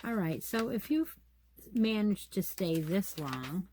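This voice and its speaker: A woman's voice: mid-range voice, lively intonation, slow, mellow, slight background noise. A woman hosting a casual yarn chat, reading pattern details aloud and musing to herself as she goes. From United States. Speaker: crochet channel host.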